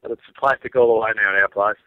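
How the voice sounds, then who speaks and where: A man's voice: on the low side, fairly even intonation, quick pace, dry recording. Laid-back Australian male caller, phone-line sound, dry, casual.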